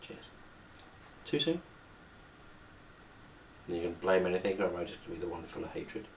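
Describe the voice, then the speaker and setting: A young man bantering with a friend behind the scenes of a homemade video, deadpan and rambling, with mock-pompous asides. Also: deep voice, brisk. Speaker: video maker. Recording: distant mic with faint background noise.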